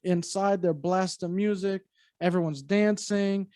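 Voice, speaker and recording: A man co-hosting a podcast, telling stories in an animated, casual way with swearing and easy laughter. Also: high-pitched, a little slow, clear, resonant tone, dry recording, clean studio sound. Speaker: podcast co-host. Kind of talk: casual chat.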